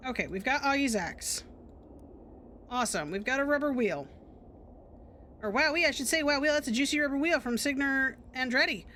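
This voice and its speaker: A woman streaming a video game, commenting in a casual, animated and exclamatory way. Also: sits high, moderate pace, long pauses, a little hiss or hum.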